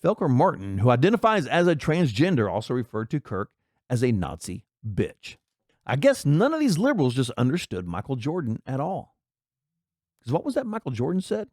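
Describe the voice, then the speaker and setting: A man's voice: medium pitch, sing-song, normal speed, a little mellow, no room sound, studio quality. A man hosting a commentary channel, ranting in a sarcastic, indignant and mocking tone.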